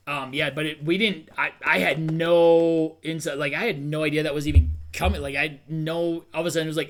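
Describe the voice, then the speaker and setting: A man's voice: fairly high pitch, level tone, normal speed, a bit bright. Rambling man co-hosting chat. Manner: rambling, hesitant, many fillers and restarts. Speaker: co-host. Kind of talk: casual chat.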